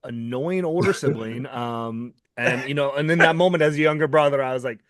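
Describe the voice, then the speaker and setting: A man's voice: medium pitch, brisk, dry recording. Casual man host, dry sound. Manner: relatable, casual, fillers like "like". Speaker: interviewer host. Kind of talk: casual interview chat.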